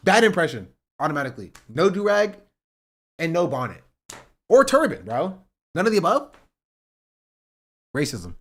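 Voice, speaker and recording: A man's voice: on the high side, sing-song, moderate pace, long pauses, a bit bright. A young man hosting a livestream, reacting to clips in a casual, sarcastic way and laughing often. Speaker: livestream host. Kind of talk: casual stream commentary.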